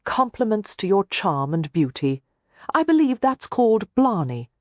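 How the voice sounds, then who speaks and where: A determined young woman doctor, voiced by a woman narrator, crisp and no-nonsense. Her speech is pragmatic and guarded, with a lively rise and fall. The sound is dry and slightly dull. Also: fairly low pitch, normal speed, no echo.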